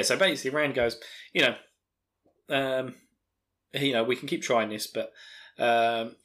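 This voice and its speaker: A man's voice: on the high side, gravelly, a bit bright. A man with an Essex accent, hosting a podcast in casual, rambling chat with lots of fillers. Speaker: podcast host.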